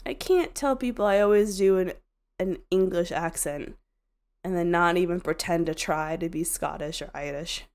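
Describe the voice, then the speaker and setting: A young woman co-hosting a podcast in relaxed chat. She is animated, laughs often, and breaks into loud exclamations. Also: lowish voice, moderate pace, clean tone. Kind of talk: casual chat.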